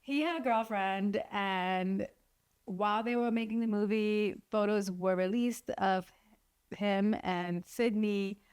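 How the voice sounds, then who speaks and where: A woman's voice: medium pitch, fairly even intonation, takes it slowly, a little mellow, clear, resonant tone. A woman vlogger and filmmaker giving casual, chatty commentary and laughing often as she talks.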